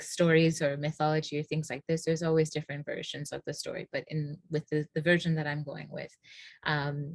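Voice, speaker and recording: A woman guest retells ancient myths in a relaxed, rambling way, full of fillers and restarts. Her voice is on the low side for a woman. The recording is close and dry. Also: no echo. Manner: hesitant, lots of fillers and restarts. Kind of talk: casual storytelling in conversation.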